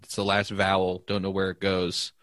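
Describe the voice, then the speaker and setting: A man's voice: deep voice, completely flat delivery, moderate pace, a bit bright, no room sound, studio quality. A man chatting casually and riffing jokes with friends, swearing freely. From Boston. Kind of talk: casual comedic chat.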